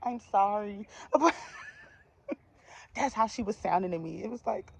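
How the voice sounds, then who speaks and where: A woman's voice: mid-range voice, lively intonation, unhurried, vocal fry, pauses often, a little hiss or hum. A young woman from the DMV area telling a personal storytime to her viewers in a chatty, slangy way with laughing asides. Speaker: vlogger. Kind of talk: casual storytime.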